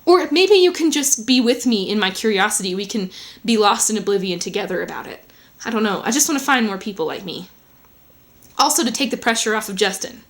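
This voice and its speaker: A woman's voice: mid-range voice, lively intonation, brisk. Woman vlogger at home, chatty, meandering, lots of "um" and "like". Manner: chatty, rambling, full of fillers. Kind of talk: casual rambling vlog.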